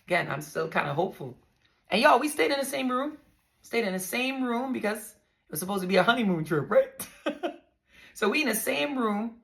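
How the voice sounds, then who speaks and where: Blunt, gravelly-voiced woman vlogger. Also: mid-range voice, a bit bright. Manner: profane, blunt, addresses viewers as y'all. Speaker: vlogger telling her own story. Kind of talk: candid storytelling to viewers.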